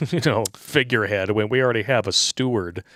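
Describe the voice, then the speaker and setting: A man's voice: mid-range voice, normal speed, fairly bright tone. A man co-hosting a live stream, reading viewer chat aloud and commenting sarcastically, often laughing at his own jokes.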